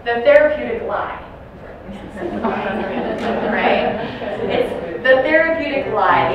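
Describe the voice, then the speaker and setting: A woman giving a dementia care training talk to a class, telling stories and acting out residents' shouts. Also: on the high side, lo-fi sound. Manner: storytelling, acts out residents loudly. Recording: echoey room from far off, noisy.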